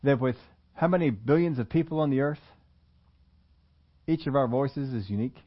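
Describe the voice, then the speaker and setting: A pastor with a mid-range male voice preaches a sermon at normal speed in a conversational way, often putting questions to his listeners. The recording is muffled and lo-fi.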